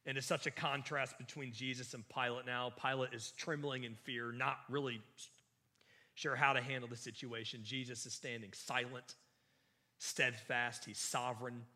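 A man preaches a sermon in a bright, forward voice at medium pitch, with little movement in his intonation and a normal speaking speed. His delivery is earnest and emphatic, and he frequently restarts phrases partway through a thought.

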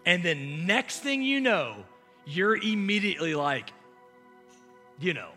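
Man, pastor, sermon, bright forceful voice, impassioned, loud and hushed in turns. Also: sits high, sing-song, slow pace, long pauses, faint music behind. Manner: impassioned, swinging from loud emphasis to hushed asides.

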